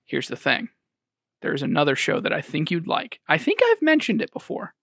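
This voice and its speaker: A young man hosts a casual podcast chat, rambling and restarting as he chuckles through his stories. His voice sits fairly high for a man. The sound is dry and close to the mic. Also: big pitch swings, normal speed, gravelly, fairly bright tone, no room sound. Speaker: podcast host.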